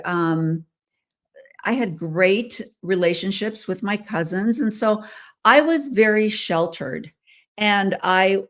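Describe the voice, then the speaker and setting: A middle-aged American woman talks to her viewers in a loose, rambling way, often pausing on "um" and slipping in small laughs. Her voice sits a little on the low side. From United States. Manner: chatty, rambling, frequent ums and laughs. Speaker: host. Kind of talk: casual monologue.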